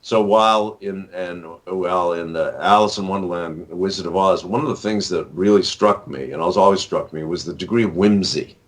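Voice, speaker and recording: A man's voice: low voice, moderate pace, hardly any pauses. An older man in his sixties, an author being interviewed, talking in a rambling way with many fillers and restarts. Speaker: author and actor, interview guest. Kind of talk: casual interview talk.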